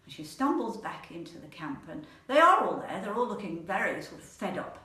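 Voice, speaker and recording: A woman's voice: mid-range voice, brisk. Woman storyteller, playful, rhythmic repetitions, echoey room, distant mic. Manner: animated, playful, repeats words for rhythm. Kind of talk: oral storytelling.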